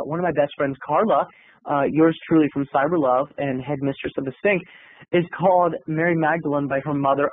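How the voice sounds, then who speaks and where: A man's voice: on the high side, no room sound. A campy, theatrical man telling a comic story as a video blogger on a tinny phone-like recording.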